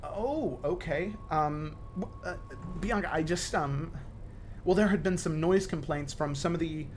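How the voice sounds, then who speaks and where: A man voicing a hesitant female town mayor who speaks haltingly. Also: fairly high pitch, slight background noise, close to an everyday voice.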